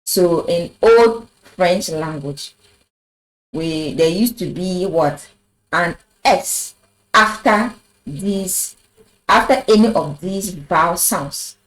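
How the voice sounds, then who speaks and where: Female language teacher, slow and measured, low-ish voice, quizzes viewers with rhetorical questions. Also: rough recording. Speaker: French teacher. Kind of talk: video language lesson. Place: in front of a board.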